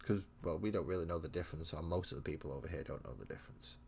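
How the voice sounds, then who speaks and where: A man's voice: deep voice, racing, gravelly, a little mellow, slight background noise. An English man chatting casually with his live-stream viewers while he paints miniatures, blunt and mocking, swearing constantly as he rambles. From England. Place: home hobby room.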